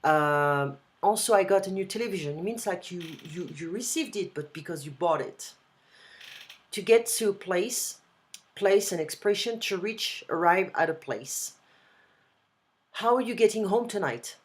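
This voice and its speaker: A woman with a French accent gives a casual one-on-one lesson over a video call. Her voice sits deep for a woman, and she lays out each point patiently, repeating example phrases one after another. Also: expressive, unhurried. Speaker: language tutor.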